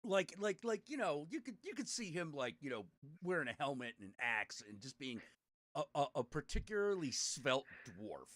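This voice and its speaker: A middle-aged man spins an anecdote in loose, profane chat, laughing along. His voice is bright and fairly high for a man. The sound is dry, with no room around it. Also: normal speed, no room sound. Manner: animated, swearing, laughing storyteller. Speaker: podcast host. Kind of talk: casual storytelling chat.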